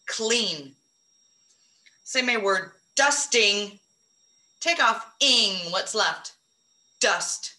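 Slow, bright-voiced woman teaching phonics. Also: a little high, roomy sound. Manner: encouraging, drawn-out modeling of words. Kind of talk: phonics lesson for young children.

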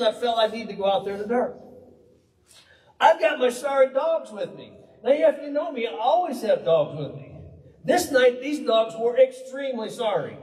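Pastor with a high voice, telling funny stories from the pulpit, recorded from afar in a reverberant hall. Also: male voice. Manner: animated, humorous, conversational. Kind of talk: folksy storytelling sermon. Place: church hall. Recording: roomy hall, distant mic.

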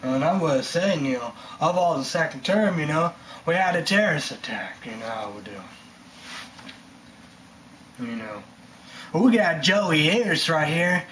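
A man rambles through a casual monologue, looping back on his own points with constant fillers. His voice sits a little higher than most men's, and a faint hum of room noise runs underneath. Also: lively intonation, a little slow, pauses often, fairly bright tone. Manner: rambling, repeats himself, many fillers. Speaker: vlogger ranting on camera.

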